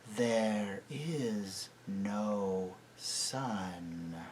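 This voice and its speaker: Scheming storybook witch queen, cooing half-whisper, very slow , read by a man. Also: fairly high pitch, big pitch swings, slight background noise, pitched above the performer's own voice, exaggerated voice. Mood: hypnotic.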